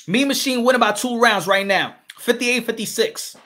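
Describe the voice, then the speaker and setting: A man calling a boxing fight live as channel host, excitable, repeating his calls and swearing. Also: very high-pitched, fairly quick, hardly any pauses.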